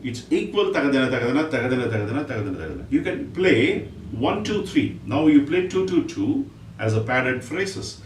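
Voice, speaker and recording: A man teaching a music lesson, explaining patiently and reciting drum syllables in quick bursts. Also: medium pitch, very animated. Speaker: rhythm teacher. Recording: echoey room, mic at a distance, faint noise.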